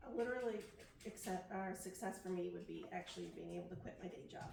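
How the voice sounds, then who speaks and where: A woman's voice: on the low side, fast, gravelly, a little mellow. A woman author with a Pennsylvania accent speaking candidly and wryly on a library panel. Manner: candid, wry. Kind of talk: panel discussion. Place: library meeting room. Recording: roomy, noisy, from far off.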